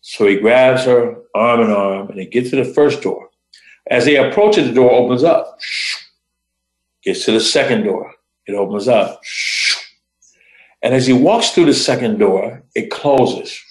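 A man hosting a show, telling a motivational story in short phrases with dramatic, deliberate pauses. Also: mid-range voice, reverberant, low-quality recording. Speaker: host.

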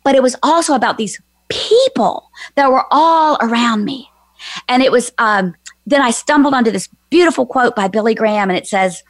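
A woman's voice: fairly high pitch, normal speed, dry recording. Earnest woman telling a heartfelt story. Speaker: guest, author and former minister. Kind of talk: personal storytelling on a faith show.

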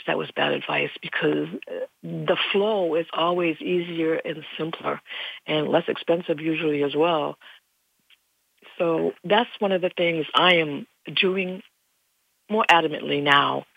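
Older woman, spiritual teacher, husky and earnest, recorded dry and close. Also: deep voice, dry recording. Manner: earnest, folksy, rambling. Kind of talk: casual spiritual monologue. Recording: dull lo-fi recording.

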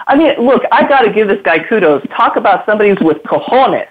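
A woman's voice: medium pitch, lively intonation, fast talker, breathy edge. A female co-host in casual radio talk, chatty and asking follow-up questions. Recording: phone-like radio audio.

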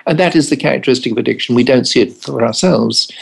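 This older Englishman, a family doctor and addiction specialist, tells stories wryly in an interview and acts out what people said. He talks fast at medium pitch, with vocal fry and a breathy edge, on a low-quality recording.

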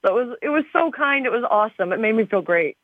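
A woman's voice: on the high side, lively intonation, quick pace, no room sound. Chatty woman on a tinny phone line. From Arizona, USA. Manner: bubbly and chatty, with frequent fillers. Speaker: guest, TV show star. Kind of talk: casual interview chat.

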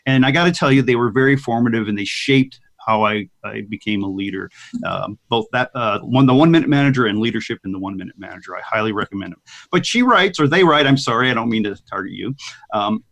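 A man hosting an interview, talking in a lively, joking, conversational way. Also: lowish voice, fast. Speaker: interview host.

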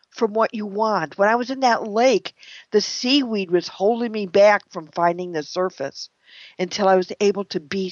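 A woman giving a motivational talk, telling a personal story with dramatic pauses and repeated phrases. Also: medium pitch, dry recording. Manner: dramatic, repetitive storytelling with slowed emphasis. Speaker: motivational speaker. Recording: dull, lo-fi, dry sound.

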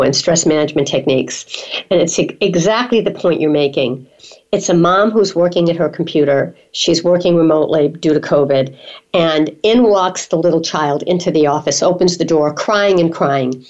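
A woman hosting a radio interview, introducing her guest and responding with lively enthusiasm. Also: deep voice. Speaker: radio show host. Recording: dull lo-fi sound.

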